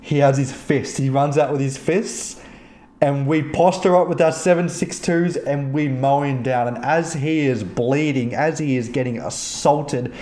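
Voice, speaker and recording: Swearing gamer host, mellow voice. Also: male voice, medium pitch, measured pace, roomy sound. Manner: profane, animated retelling. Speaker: podcast host. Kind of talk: casual chat, storytelling about gaming. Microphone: streaming mic.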